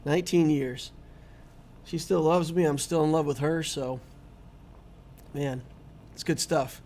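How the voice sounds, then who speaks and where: A man's voice: a little high, fairly even intonation, unhurried, a little mellow, slight background noise. A middle-aged man hosting a gaming channel, chatting casually and easily with his viewers while he streams. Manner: chatty and easygoing, talking to viewers. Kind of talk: casual live-stream commentary.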